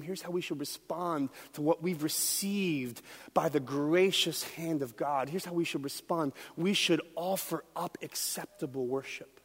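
A middle-aged man preaching a sermon as pastor, swinging from quiet talk to loud shouts. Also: fairly high pitch. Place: church hall. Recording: long hall reverb.

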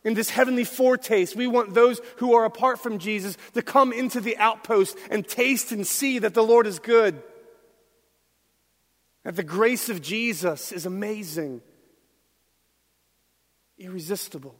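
A middle-aged man preaching a sermon as pastor, swinging from quiet talk to loud shouts. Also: sits high, unhurried, long pauses. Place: church hall. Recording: long hall reverb.

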